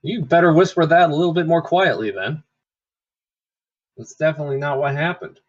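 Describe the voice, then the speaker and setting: A man's voice: on the high side, a little fast, natural voice. A man voicing a boastful male adventurer in a tabletop game, talking in a smug, self-assured way. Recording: dull lo-fi mic.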